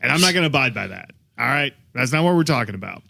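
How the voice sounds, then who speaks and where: A man's voice: mid-range voice, big pitch swings, fast, creaky, sharp tone, no room sound, clean studio sound. A man hosting a podcast, telling a true-crime story in a wry, joking way. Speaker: podcast host.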